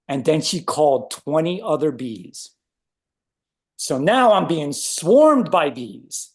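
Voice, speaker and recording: A man shares a personal story in a loose, casual way. His voice sits a bit high for a man, and he acts out his own reactions with plenty of animation. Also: very animated, slow. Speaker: guest sharing a story.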